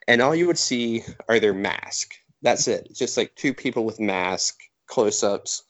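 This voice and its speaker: A podcast host retelling a story casually and animatedly, full of likes, on a close mic. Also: male voice, on the low side, unhurried, few pauses, no echo.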